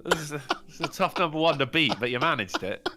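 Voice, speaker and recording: A man's voice: a little high, animated, quick pace, bright, forceful tone. A man with a British accent, co-hosting a podcast in blunt, sweary, mocking casual banter. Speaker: podcast co-host.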